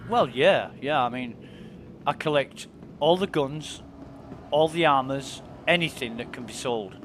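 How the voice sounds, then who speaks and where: A man's voice: mid-range voice, animated, unhurried, fairly bright tone, a little hiss or hum. A man chatting casually and enthusiastically while streaming a game, swearing freely. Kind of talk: casual chat while gaming.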